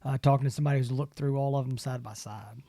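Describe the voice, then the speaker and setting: A man's voice: medium pitch, fairly even intonation, fast talker, dark tone, no room sound, studio quality. A man co-hosting a podcast in casual chat, rambling with plenty of fillers and restarts. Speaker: podcast co-host.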